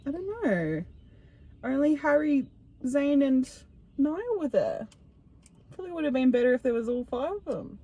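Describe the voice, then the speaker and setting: A woman's voice: high-pitched, big pitch swings, measured pace, pauses often, muffled recording. A young woman co-hosting a podcast in casual chat, reading a fanfic aloud and laughing often as she goes. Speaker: podcast co-host.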